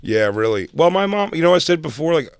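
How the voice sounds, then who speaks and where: A man's voice: on the high side, big pitch swings, quick pace, vocal fry, no room sound. A man co-hosting a podcast, chatting casually and telling profane, rambling stories from school. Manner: rambling, profane, acts out quoted voices. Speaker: podcast co-host. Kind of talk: casual storytelling chat.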